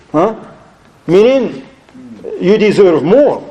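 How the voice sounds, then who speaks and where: Animated, mellow-voiced male lecturer. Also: on the high side, measured pace, low-quality recording. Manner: animated, acts out quoted voices, laughs often; sprinkles Arabic religious phrases into his talk. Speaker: Islamic lecturer. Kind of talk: storytelling lecture to an audience.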